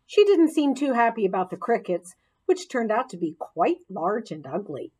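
A woman reading a children's chapter book aloud in an expressive, playful storytelling manner. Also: a little high, normal speed, breathy edge. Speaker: audiobook reader.

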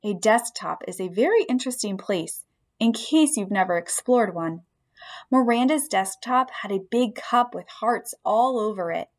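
A woman narrating a children's story aloud in the first person, with expressive storytelling. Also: mid-range voice, moderate pace. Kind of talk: audiobook storytelling.

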